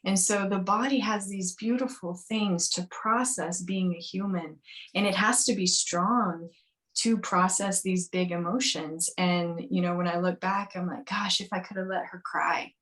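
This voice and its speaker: A woman physician talking candidly in a podcast interview, lively and full of fillers, acting out the voices of people she quotes. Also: on the low side, unhurried. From grew up on a farm. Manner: animated, acts out quoted voices, frequent fillers. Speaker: naturopathic physician guest.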